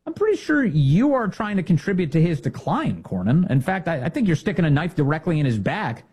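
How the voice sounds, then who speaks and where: A man's voice: a little high, sing-song, fairly quick, darkish tone, breathy edge. A man giving opinionated political commentary in a sarcastic, indignant way. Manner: sarcastic, indignant, mocking impressions.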